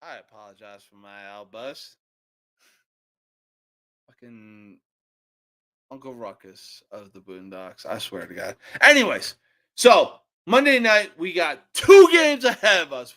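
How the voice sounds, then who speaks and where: A young man hosting a sports podcast, giving profane, opinionated game picks that burst into shouting rants. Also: sits high, wildly swooping pitch, a little slow.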